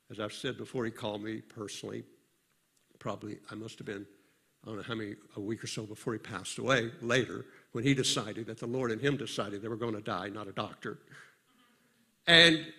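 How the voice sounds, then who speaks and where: An older man, a pastor, preaching a sermon in a conversational storytelling way, often pausing and restarting his sentences. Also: medium pitch, vocal fry, fairly bright tone, slightly rough.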